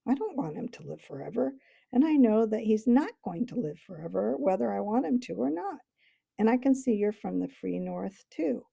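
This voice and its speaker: A woman's voice: medium pitch, very animated, moderate pace, creaky, warm tone, husky, exaggerated voice. Fields: Woman doing a proud talking warhorse, storybook. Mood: confiding. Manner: haughty, lecturing. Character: proud talking male warhorse, brisk and bossy.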